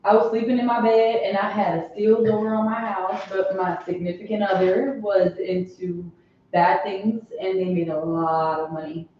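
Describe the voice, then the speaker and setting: Brief: blunt woman from Pennsylvania who swears, mid pitch, muffled recording. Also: steady tone, moderate pace, slight background noise. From Harrisburg, Pennsylvania. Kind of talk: casual storytelling chat. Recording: echoey, distant, muffled room recording.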